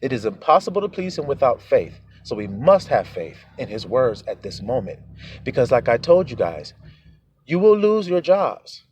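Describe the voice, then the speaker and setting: A man preaching a sermon, animated, acting out quoted voices as he goes. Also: medium pitch, moderate pace, a little hiss or hum.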